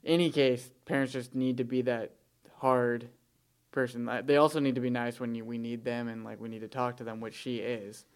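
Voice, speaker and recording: A man's voice: medium pitch, level tone, moderate pace, clear, resonant tone. A young man talking bluntly and jokingly as a guest on a podcast.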